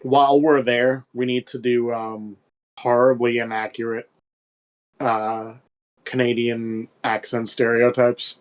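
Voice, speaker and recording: Rambling, foul-mouthed young podcast co-host. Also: male voice, mid-range voice, little pitch movement, takes it slowly. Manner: rambling, loose and profane, lots of fillers. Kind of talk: casual chat. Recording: dull lo-fi podcast mic.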